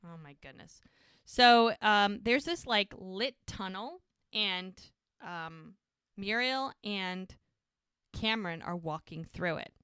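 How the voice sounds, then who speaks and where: A woman co-hosting a podcast, recapping an episode in lively casual chat and quoting the characters as she goes. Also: medium pitch, slow pace, clear, resonant tone, no room sound, clean studio sound. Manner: animated storytelling, quotes the characters. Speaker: podcast co-host.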